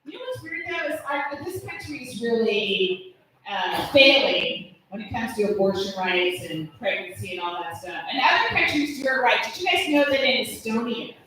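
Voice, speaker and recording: A woman in her fifties doing a stand-up comedy set, brash and profane with deadpan punchlines. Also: a little high, moderate pace. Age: 50s. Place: comedy club stage. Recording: echoey room from far off with noise.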